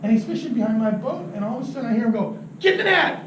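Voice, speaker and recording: High-voiced man telling a lively fishing story. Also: rapid-fire. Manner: animated storyteller who laughs often and acts out quotes. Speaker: fishing instructor. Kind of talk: anecdotal teaching talk. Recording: roomy, distant mic with noisy ambience.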